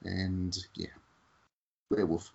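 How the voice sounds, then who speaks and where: A man's voice: deep voice, little pitch movement, takes it slowly, vocal fry, a little mellow, breathy edge, muffled recording. A man co-hosting a casual games chat, teasing and rambling as he runs through a list. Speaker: podcast co-host.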